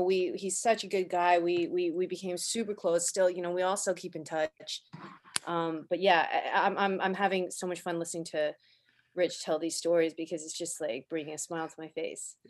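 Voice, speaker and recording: A woman recalls shared memories in easygoing conversation. Her voice sits a little low for a woman. She talks in a chatty, affectionate way, with frequent "like" fillers. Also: a little mellow. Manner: chatty, many "like" fillers, fond. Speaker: actor guest. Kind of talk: casual chat, reminiscing.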